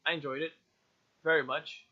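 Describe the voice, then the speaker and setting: A man's voice: on the high side, fairly even intonation, moderate pace, pushed and bright. A man co-hosting a casual podcast chat, swearing freely and laughing often. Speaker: podcast co-host. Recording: dull lo-fi test microphone.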